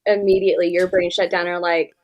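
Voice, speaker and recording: Woman therapist, podcast guest, lowish voice, direct and earnest, casual "like"-filled delivery. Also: level tone, fast talker, darkish tone, highs cut off. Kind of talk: podcast interview conversation.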